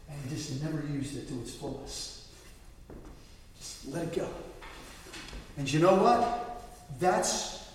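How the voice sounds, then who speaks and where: High-voiced preacher in an echoey hall. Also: male voice, distant mic, a little hiss or hum. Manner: dramatic storytelling, swinging between soft and loud. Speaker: pastor. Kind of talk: sermon.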